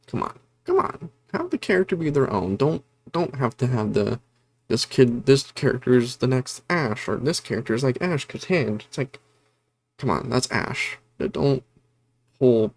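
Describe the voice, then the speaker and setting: A man's voice: mid-range voice, creaky, darkish tone. A man casually recapping a horror movie plot for his review channel, rambling with lots of fillers and self-corrections. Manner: self-correcting, apologetic about disorganization. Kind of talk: casual spoken film review.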